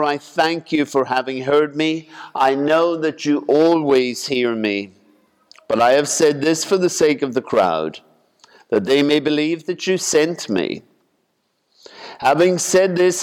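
A man reads the gospel and then preaches in a slow, deliberate manner, his voice sitting a touch high for a man. His tone is smooth and resonant. The sound carries the long echo of a church. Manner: slow, measured, deliberate delivery. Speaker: priest. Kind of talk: gospel reading and homily.

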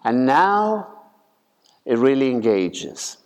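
A man preaching a conversational sermon in a folksy way, acting out voices with sudden leaps in pitch. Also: big pitch swings, slow, a little mellow. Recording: long reverb of a large hall.

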